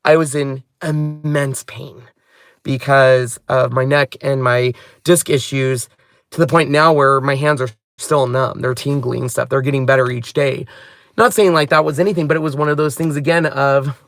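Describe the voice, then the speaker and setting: A man's voice: mid-range voice, steady tone, normal speed, creaky, fairly bright tone, no room sound. Rambling heartfelt man with a dry sound. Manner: rambling, heartfelt, wanders off on tangents. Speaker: craft channel host. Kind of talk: casual vlog chat. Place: inside a parked car.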